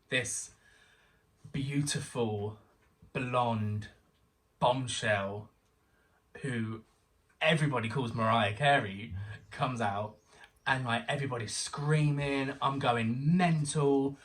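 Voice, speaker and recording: A young man from England telling an excited story as a guest, acting out the voices of people he quotes. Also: medium pitch, slow pace, pauses often, far from the mic. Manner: excitable, animated storyteller who acts out quotes. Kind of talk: casual storytelling chat.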